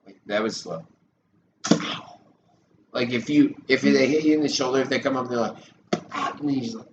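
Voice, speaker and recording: A man's voice: mid-range voice, normal speed, long pauses, dull audio. A man in his thirties rambling and swearing on a live stream, sarcastic and loose. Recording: echoey room with loud background noise.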